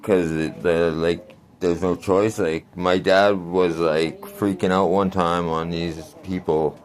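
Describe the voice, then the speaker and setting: A man's voice: low voice, fairly even intonation, slow. A man in his forties telling a rambling, crude story in a casual vlog, laughing often. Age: 40s. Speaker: vlogger.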